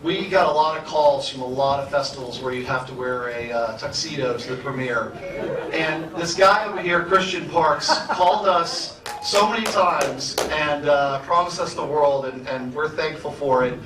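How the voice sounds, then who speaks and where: A man's voice: a little high, moderate pace, crowd noise. A man speaking for his film at a live festival Q&A, earnest and a little hesitant. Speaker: filmmaker on a festival panel. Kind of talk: live Q&A answer. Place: large cinema hall at a live event. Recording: echoey hall, distant mic.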